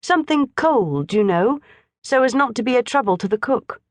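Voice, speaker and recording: A clever schoolboy lays on earnest, overly polite charm, as a woman reading a storybook puts him on. The voice sits a little higher than hers and moves with lively ups and downs. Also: normal speed, dry recording, close to an everyday voice. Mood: ingratiating. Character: clever, smooth-talking English schoolboy.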